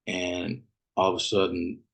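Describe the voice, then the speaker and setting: A man's voice: low voice, completely flat delivery, unhurried, creaky, a bit bright, breathy edge. A man from Fresno, California, hosting a podcast and telling a story in a casual, rambling way, full of profanity and street slang. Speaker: podcast host.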